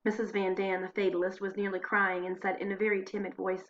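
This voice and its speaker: A woman reads diary entries aloud in an expressive, storytelling way, slowing down and dropping to a hush at tense moments. Her voice sits in a middle pitch. The home computer recording sounds slightly dull and muffled. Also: a little hiss or hum. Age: adult. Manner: expressive, slows and hushes for drama. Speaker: diary reader. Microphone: computer mic.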